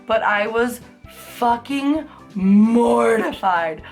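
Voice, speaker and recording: A woman's voice: on the high side, very slow, soft background music. A young adult woman vlogger telling embarrassing stories in a casual, chatty way, full of "like" fillers and swearing, often laughing. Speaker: beauty vlogger. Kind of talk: casual storytelling.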